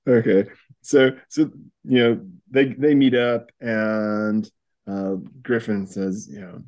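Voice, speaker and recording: A man hosting a podcast, recapping a comic in a casual chat, chuckling often and filling pauses with ums. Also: on the low side, steady tone, a little mellow. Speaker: podcast host.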